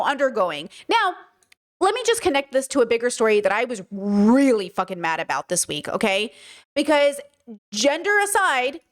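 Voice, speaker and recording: A woman hosting a reaction commentary video, talking bluntly and emphatically, with frequent swearing. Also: a little high.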